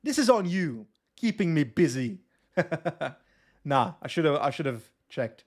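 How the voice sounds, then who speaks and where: Slow and very animated, his fairly high voice narrates a cycling game live for his viewers. The young man is from West Flanders, Belgium, with West Flemish Dutch as his mother tongue and a Flemish accent, and he chattily reads chat messages aloud and replies.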